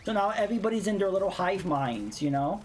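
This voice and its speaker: A woman's voice: mid-range voice, expressive, fast talker, darkish tone, slight background noise. A woman streamer ranting bluntly in casual chat while playing a game, swearing freely. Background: faint game music.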